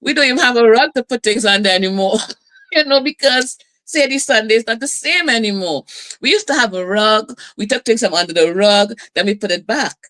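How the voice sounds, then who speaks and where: Lively woman host, bright preachy talk. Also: a little high, fairly quick. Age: middle-aged. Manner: lively, preachy storytelling with laughs and asides. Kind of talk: community broadcast talk.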